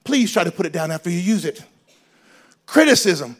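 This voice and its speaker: A man preaching a sermon as pastor in a church, animated and joking, switching between loud emphasis and quiet asides. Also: high voice, normal speed. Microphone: handheld microphone.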